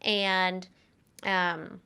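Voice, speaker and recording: A young woman co-hosting a podcast tells a personal story. Her voice is bright and crisp, and her tone is earnest and conversational, with plenty of "um"s along the way. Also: fairly low pitch, level tone, very slow. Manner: earnest, conversational with frequent fillers. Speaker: podcast co-host.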